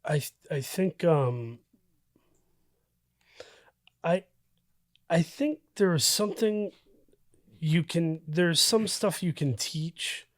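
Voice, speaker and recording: A man, a guest on a podcast, speaking reflectively with many pauses and restarts. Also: a little high, dry recording, clean studio sound. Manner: thoughtful, halting with fillers and restarts. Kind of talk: reflective casual conversation.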